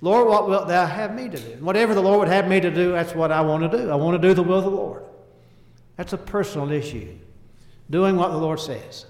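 A man's voice: high voice, brisk, darkish tone. A man preaching a sermon in short, emphatic phrases, quoting scripture in old-fashioned wording. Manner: earnest, quotes scripture in King James wording; speaks in short emphatic phrases, voice rising and falling in volume. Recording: echoey hall with long reverb.

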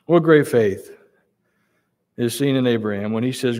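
A male preacher with a mid-range, slightly mellow voice reads from the King James Bible. He pushes his listeners with rhetorical questions, delivered slowly and with heavy emphasis.

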